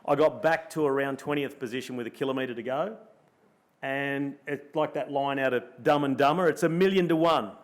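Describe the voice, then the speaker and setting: At a luncheon event room, a former pro cyclist, an Australian man, tells a race story as guest speaker in a live interview. His mid-range voice moves at a moderate pace, and he's an animated storyteller who acts out his own thoughts in quoted asides.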